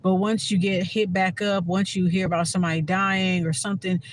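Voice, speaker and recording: A man's voice: sits high, little pitch movement, a little fast, a little hiss or hum, poor audio. A man from the Washington DC area talking to camera as a spiritual vlogger, candid and rambling, swearing freely and using lots of fillers. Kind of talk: casual monologue to camera.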